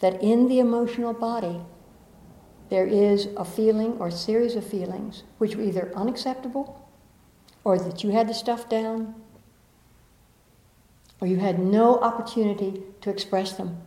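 A woman, leading a group workshop in a room and moving from playful asides to slow, soothing guidance. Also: medium pitch, fairly even intonation, warm tone. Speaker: workshop facilitator. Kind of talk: guided group workshop talk. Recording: echoey room.

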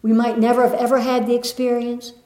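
A woman giving a gentle spiritual talk to a live audience, lilting and laughing softly. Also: on the high side, monotone, a little fast. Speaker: spiritual teacher. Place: room with an audience. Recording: echoey room.

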